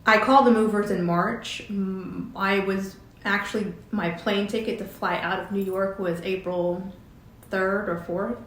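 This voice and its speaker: A middle-aged woman telling a personal story, halting and emotional, with many fillers and restarts. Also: mid-range voice, steady tone, roomy sound, slight background noise. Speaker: vlogger telling her story.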